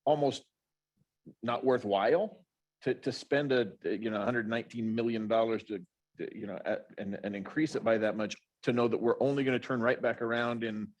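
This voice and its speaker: A man chairing a council meeting, asking questions in a halting way and repeating words as he thinks. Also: mid-range voice, fairly even intonation, no room sound.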